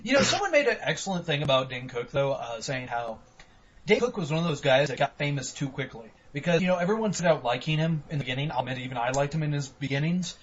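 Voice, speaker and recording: A man with a fairly high voice chats casually on a podcast, joking, swearing and mimicking people in silly voices. The audio is dull and lo-fi. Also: expressive, fast talker, a little hiss or hum. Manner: profane, joking, acts out quotes in mock voices. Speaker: podcast co-host. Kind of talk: casual chat.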